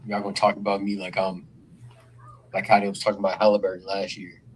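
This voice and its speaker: A man's voice: low voice, little pitch movement, quick pace, a little hiss or hum, poor audio. A man co-hosting a podcast, talking loose and slangy in joking sports banter. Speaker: podcast co-host. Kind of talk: casual sports chat.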